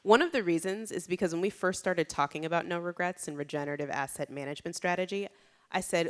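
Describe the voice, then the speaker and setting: A woman with a slightly low voice speaks at a conference in a loose, storytelling way. She sprinkles in "like" and "you know" and lifts her voice when she acts out what others said. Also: fast. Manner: lively, dramatizes quotes with raised voice. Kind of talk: conversational keynote talk.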